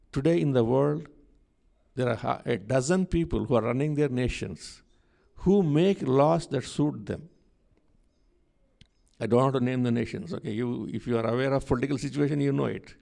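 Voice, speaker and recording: A man's voice: mid-range voice, creaky, dark tone. A man preaching a sermon, telling a scripture story and repeating key phrases for emphasis.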